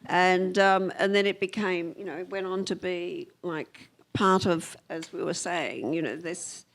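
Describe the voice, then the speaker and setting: An older Australian woman who works as a film editor chats onstage, her low, steady voice unhurried as she rambles and trails off among many fillers.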